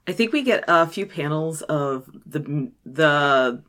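A woman's voice: low-pitched, expressive, takes it slowly, a bit bright. A woman playing in a tabletop game, describing her character's scene with some fillers. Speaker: player. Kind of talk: casual actual-play chat.

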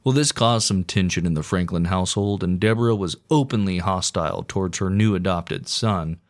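A man's voice: deep voice, a little fast. A man hosting a podcast, telling history in a crude, irreverent comic way. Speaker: podcast host. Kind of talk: comedic history narration.

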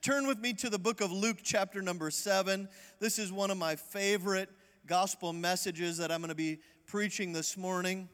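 A man preaching as a visiting evangelist in a church, lively and calling for the crowd's responses. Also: sits high, normal speed, smooth, in a large hall. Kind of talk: sermon.

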